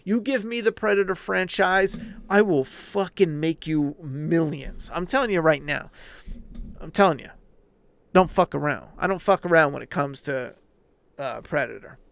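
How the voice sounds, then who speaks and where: A man hosting a livestream rants casually and emphatically at his chat, swearing heavily. His voice is fairly high, gravelly and fairly bright, at a normal speed.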